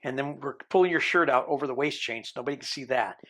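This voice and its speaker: A man in his sixties, a podcast guest, telling a long story in a lively way and acting out the people he quotes. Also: medium pitch, fast. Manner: animated storyteller who mimics the people he quotes.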